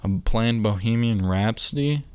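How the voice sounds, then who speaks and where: A young man talking casually on his own podcast, rambling, losing his train of thought and joking along the way. His voice is lowish and smooth, recorded close and dry. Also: measured pace, a little mellow, dry recording. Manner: rambling, self-interrupting, jokey. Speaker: podcast host.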